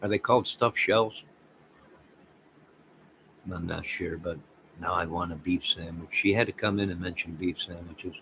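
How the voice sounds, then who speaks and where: A man hosting a casual livestream, rambling excitedly and talking to viewers by name. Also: deep voice, moderate pace, long pauses, a little hiss or hum, low-quality recording. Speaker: livestream host reading chat.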